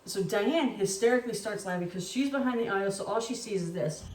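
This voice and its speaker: A young woman telling stories from her life in a lively, casual way, acting out the people she quotes and swearing freely. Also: mid-range voice, brisk, far from the mic, background noise. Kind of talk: casual storytelling. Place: home kitchen. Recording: echoey room.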